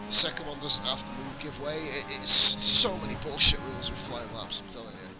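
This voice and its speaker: A man's voice: medium pitch, brisk. A man from England with a slight lisp, giving blunt, sweary live commentary on a sim racing stream into a desk mic.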